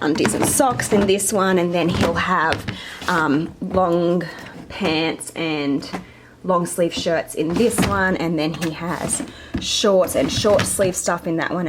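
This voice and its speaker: A woman's voice: lowish voice, noisy background. A young woman giving a chatty home tour as a vlogger, a bit out of breath and apologizing now and then. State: slightly out of breath. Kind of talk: casual home tour narration.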